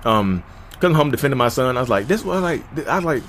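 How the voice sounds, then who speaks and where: With big pitch swings and rapid-fire delivery, a man in his thirties hosts a podcast, sharing his own story in a candid, conversational monologue and calling listeners "y'all." He jumps to shouting pitch while reenacting arguments, and there is slight background noise.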